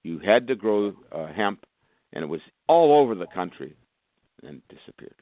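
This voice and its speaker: A man's voice: lowish voice, very animated, moderate pace, no echo. A male physician guest talking with enthusiasm on a phone interview, rambling through long lists. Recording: tinny phone line, dry.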